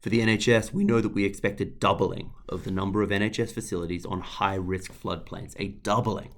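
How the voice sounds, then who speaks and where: A man with an Australian accent giving an energetic webinar presentation, stressing key points through repetition. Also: low voice, fairly quick. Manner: energetic, emphatic, repeats key phrases. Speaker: guest speaker.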